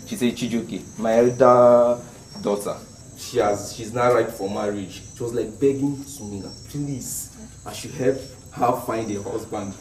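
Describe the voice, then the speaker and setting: An actor with a Nigerian accent playing a cheeky young tenant who teases others. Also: male voice, medium pitch, fairly even intonation, measured pace, darkish tone, slight background noise, natural voice, rough recording. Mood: teasing. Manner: teasing, mocking.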